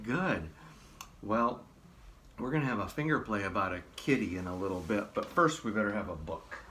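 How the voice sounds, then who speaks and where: A man's voice: low-pitched, lively intonation, normal speed. A man hosting a library storytime, talking cheerfully and directly to young children. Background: acoustic guitar playing.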